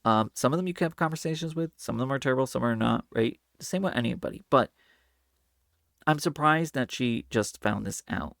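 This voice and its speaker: A man's voice: medium pitch, animated, a little fast, vocal fry, a bit bright, no echo, studio quality. A man hosting a casual political commentary video, talking animatedly and slipping into mocking voices when he quotes people. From Hispanic Latino background. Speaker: commentary channel host.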